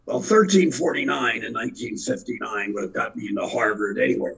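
In a rough recording, a Philadelphia-area man in his eighties, a veteran actor, rambles through anecdotes as a guest in a casual interview. His gravelly, very raspy voice sits at medium pitch, with lively intonation, a brisk pace and a fairly bright tone.

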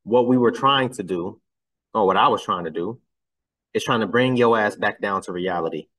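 A man's voice: normal speed, a bit bright, far from the mic, poor audio. Blunt exasperated man, a bit off-mic. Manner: blunt and exasperated, climbing higher when incredulous. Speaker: commentary channel host. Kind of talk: casual reaction commentary.

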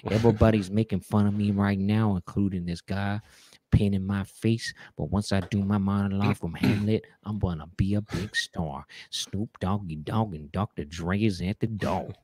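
A man doing an impression of a laid-back rapper, talking low, slow and murmured. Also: fairly even intonation, mellow, no echo, close to an everyday voice. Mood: daydreaming.

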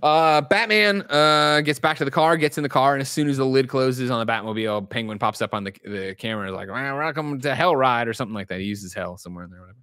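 Fast-talking man recapping a movie. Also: mid-range voice, fairly even intonation, fairly bright tone, smooth, dry recording, studio quality. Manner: swears casually, acts out characters' lines while retelling scenes. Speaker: podcast co-host. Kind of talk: casual movie recap chat. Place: home setup, remote show.

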